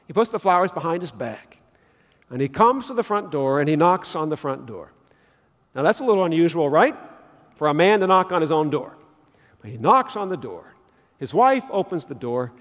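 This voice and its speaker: Animated high-voiced pastor in a reverberant church. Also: male voice, normal speed. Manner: animated storytelling, acting out little scenes. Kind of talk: sermon. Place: church sanctuary.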